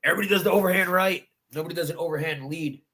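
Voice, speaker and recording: A man's voice: a little high, very fast, pushed and bright, slightly rough. A man, a bare-knuckle fighter, recounting his win in a post-fight interview with intense, emphatic storytelling and repeated phrases. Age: adult.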